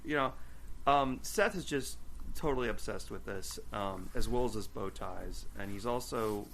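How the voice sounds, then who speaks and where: A man's voice: fairly low pitch, normal speed, slight background noise. A man co-hosting a podcast, chatting casually and ranting with swearing as he recaps a TV episode. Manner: ranting, animated, swears, acts out quotes. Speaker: podcast co-host.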